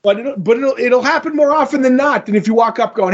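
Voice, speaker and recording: A man co-hosting a podcast in casual chat, telling an animated story with swearing and acted-out quotes. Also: extremely high pitch, quick pace, breathy edge, highs cut off. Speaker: podcast co-host.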